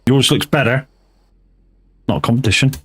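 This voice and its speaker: A man's voice: mid-range voice, normal speed, slightly rough. A man, chatting casually and swearing freely with his viewers while driving in a game stream, laughing often.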